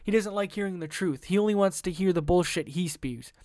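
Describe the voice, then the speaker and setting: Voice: mid-range voice, brisk, darkish tone, no room sound, studio quality. Profane, sarcastic news commentator. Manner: blunt, profane, sarcastic asides; stumbles and restarts while reading aloud. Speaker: video commentator. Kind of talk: casual news-reading commentary.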